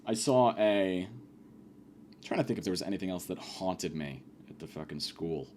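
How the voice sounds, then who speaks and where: A man's voice: low voice, animated, normal speed, a little mellow, a little hiss or hum. A man hosting a comedy podcast, telling stories in a profane, exasperated rant. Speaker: podcast host.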